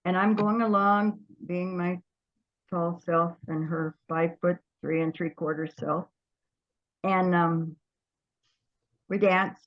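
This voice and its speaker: Older woman, low voice, lively storyteller, restarts sentences, dull lo-fi audio. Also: takes it slowly, pauses often. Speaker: interview guest. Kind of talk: storytelling reminiscence.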